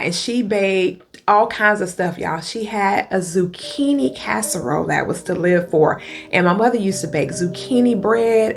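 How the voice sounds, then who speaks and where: A middle-aged woman coach telling an emotional personal story, speaking straight to her viewers and holding back tears. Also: medium pitch. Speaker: coach and video host. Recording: guitar music playing behind.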